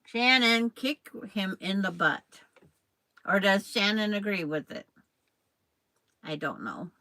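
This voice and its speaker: A woman's voice: medium pitch, expressive, slow pace, bright, forceful tone, no room sound, rough recording. An older woman hosting a quilting stream, chatting casually and rambling while she sews and talks to viewers by name. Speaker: quilting channel host. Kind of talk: casual chat while sewing on a live stream.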